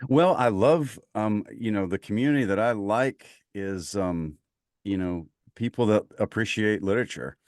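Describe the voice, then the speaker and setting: Southern man, low-pitched, eager talker full of ums and you-knows; podcast guest. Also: normal speed, a little mellow, no room sound, studio quality. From Mississippi, US. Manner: enthusiastic, rambling, many fillers. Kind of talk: casual conversation.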